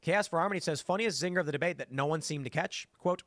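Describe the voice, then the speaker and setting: A man's voice: on the high side, fast talker, hardly any pauses, no room sound, studio quality. A man hosting a casual political chat, reading viewer comments and acting out everyday people's voices. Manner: animated, acts out voices of others in anecdotes.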